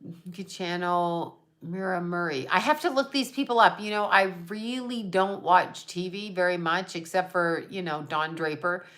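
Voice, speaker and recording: A woman's voice: fairly low pitch, normal speed, a bit bright. A woman hosting a casual livestream, rambling and trailing off as she chats with viewers. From United States. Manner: rambling, trailing off, chatting to viewers and her cat. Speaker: psychic livestream host.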